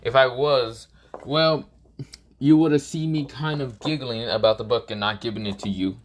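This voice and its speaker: A man's voice: medium pitch, moderate pace, slight background noise, natural voice. A man voicing a cocky, foul-mouthed male sorcerer teacher who boasts and insults casually. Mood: mocking. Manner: boastful, swearing.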